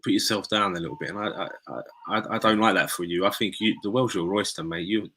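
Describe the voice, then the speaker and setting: A man's voice: low-pitched, fast talker, bright, forceful tone, a little hiss or hum. A man hosting a casual chat, encouraging and rambling with restarts. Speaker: host.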